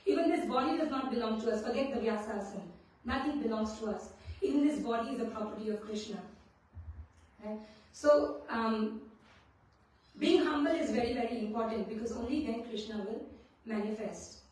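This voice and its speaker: A woman's voice: on the high side, moderate pace, a little mellow. A woman from India, giving a devotional scripture class and telling stories that often check in with the listeners. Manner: storytelling, often checks in with "right?". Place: temple hall. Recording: very echoey hall, mic at a distance.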